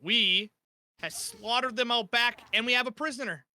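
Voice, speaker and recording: A man voicing a grandiose young male adventurer who declaims slowly and theatrically. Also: very high voice, sharp tone, heavily acted.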